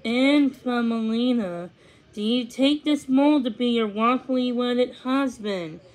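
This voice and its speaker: A woman's voice: on the high side, unhurried, darkish tone, close to an everyday voice, rough recording. A woman reading aloud and voicing an impatient, officious reverend rat in a storybook, prim and formal.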